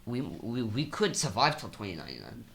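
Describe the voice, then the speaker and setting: A young man co-hosting a podcast, chatting casually in a rambling, halting way full of restarts. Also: medium pitch, big pitch swings, vocal fry, a bit bright, slight background noise. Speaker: podcast co-host. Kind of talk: casual chat.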